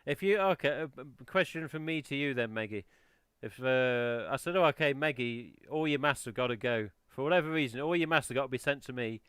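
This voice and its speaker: A man from England hosting a casual live stream, chatty and quick to laugh, saying "yeah" often. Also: medium pitch, fairly bright tone, clean tone, no echo.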